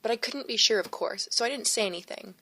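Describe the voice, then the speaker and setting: A woman voicing a kindly, modest male priest who talks gently and a little formally in an audiobook. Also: mid-range voice, fast talker, gravelly, breathy edge, voice pushed up, exaggerated voice. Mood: earnest. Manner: gentle, earnest, slightly formal.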